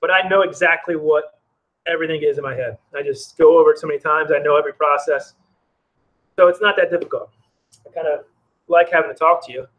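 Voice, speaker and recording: A man's voice: fairly high pitch, steady tone, fast, dull audio. Chatty man live-streaming outdoors. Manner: chatty, reads chat aloud, rambling. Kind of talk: casual live-stream chat. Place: outdoors in the cold.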